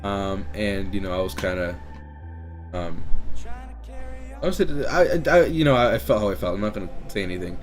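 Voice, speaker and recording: A man telling a story to camera in a casual vlog, excitable and anxious, swearing often and stammering through restarts. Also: lowish voice, moderate pace, long pauses, faint music behind. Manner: excitable, swears a lot, loud bursts of disbelief. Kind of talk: casual story-time monologue.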